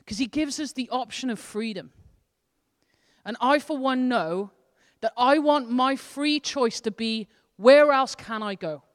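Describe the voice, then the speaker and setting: Woman pastor, earnest conversational sermon, smooth resonant voice, long hall reverb. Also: high-pitched, measured pace. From Wales. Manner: earnest, conversational preaching with shifting intensity. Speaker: associate pastor. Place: church hall.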